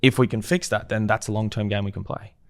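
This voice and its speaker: A man with a low voice talks as a guest in a casual podcast chat. His sound is dry and close, with no room around it. He speaks reflectively and keeps posing rhetorical questions. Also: fairly even intonation, quick pace, dry recording. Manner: reflective and conversational, often asks rhetorical questions.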